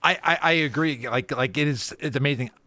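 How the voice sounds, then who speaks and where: Enthusiastic host, higher man's voice. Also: sharp tone, no echo. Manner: enthusiastic, halting, many restarts. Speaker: podcast host. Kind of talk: casual chat.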